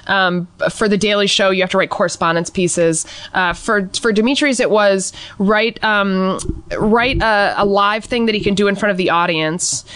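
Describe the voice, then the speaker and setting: A young woman telling a story in a casual chat, acting out other people's lines in a higher voice. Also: normal speed, clean tone. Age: young adult. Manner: animated, acts out quotes in a higher voice. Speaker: guest.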